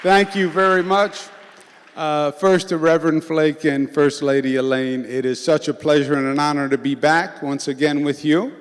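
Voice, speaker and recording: A man's voice: on the high side, fairly even intonation, normal speed, hardly any pauses, clear, resonant tone. A middle-aged man with a Queens New York accent, giving an informal, joking political speech to a church congregation. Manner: joking, conversational, with filler "uh"s. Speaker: governor speaking to a congregation. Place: large church sanctuary. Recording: long hall reverb, faint crowd.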